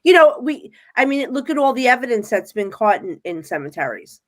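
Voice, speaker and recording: Brisk and fairly high-pitched, this woman is a medium guesting on a casual podcast interview. She recounts her experiences as an animated storyteller, performing what people said and acting out her own quotes.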